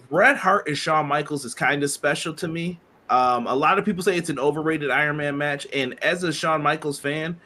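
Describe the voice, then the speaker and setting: A man in his thirties co-hosting a casual wrestling podcast, telling animated stories and acting out quotes. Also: mid-range voice, slight background noise. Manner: animated storyteller, acts out quotes. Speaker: podcast co-host.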